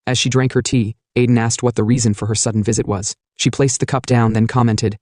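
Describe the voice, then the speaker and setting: A man narrating a comic recap in a steady storytelling manner, reading the lines of the characters in his own voice. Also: mid-range voice, fairly quick, few pauses, no echo, studio quality.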